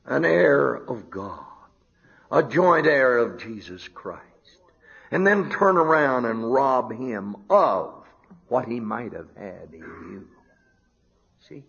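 Older man, preacher, sermon, slow delivery, swinging between hushed and loud, muffled lo-fi sound. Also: creaky, breathy edge. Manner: animated, swings from low murmur to high outbursts. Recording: dull lo-fi sermon recording.

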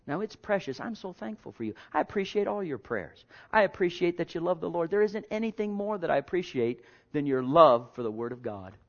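A male pastor preaching a sermon in a conversational way, repeating himself and jumping from hushed asides to loud bursts. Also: a little high, big pitch swings, a little fast, few pauses. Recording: dull lo-fi sermon recording.

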